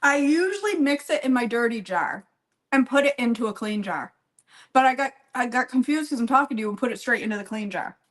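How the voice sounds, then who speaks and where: A woman's voice: fairly high pitch, expressive, brisk, rough recording. Chatty woman baking, talking to viewers. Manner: rambling, self-deprecating, chatty while working; talks to viewers by name, laughs often. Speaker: home baker. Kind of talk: casual live-stream baking chat.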